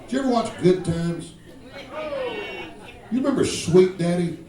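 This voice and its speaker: A man in his 50s does profane stand-up on a comedy club stage, teasing the crowd and telling drawling stories. His high voice has lively intonation at a measured pace. The sound is roomy and distant, with guitar and audience laughter in the background.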